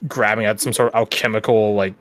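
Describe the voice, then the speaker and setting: A man's voice: on the low side, flat delivery, fast talker, fairly bright tone, dry recording, faint music behind. Laid-back man narrating a tabletop game. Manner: loose narration, many fillers like "like". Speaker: game master.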